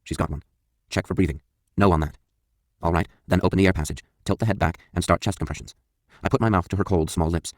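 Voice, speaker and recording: Narrating a first-person memoir audiobook quickly, a very deep-voiced man speaks with blunt confession, fairly even intonation, and plenty of swearing. The sound is dry and close-miked, with no echo or room sound.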